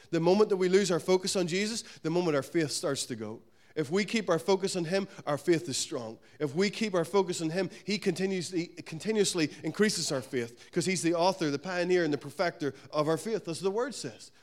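A man preaching a sermon to his church, emphatic and repetitive, rising to loud declarations and dropping to quiet, soft lines. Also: a little high. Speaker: pastor. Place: church service.

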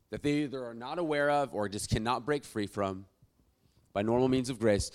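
This man preaches as a pastor at a fairly quick pace and medium pitch, his delivery shifting from forceful emphasis to soft, murmured remarks.

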